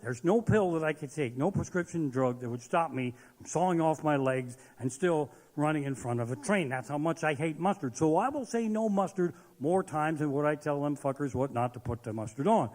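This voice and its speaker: A man doing a profane stand-up comedy set on stage, ranting and shouting his punchlines. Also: a little high, fairly quick, few pauses. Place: live comedy stage in a large hall. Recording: live venue with long hall reverb.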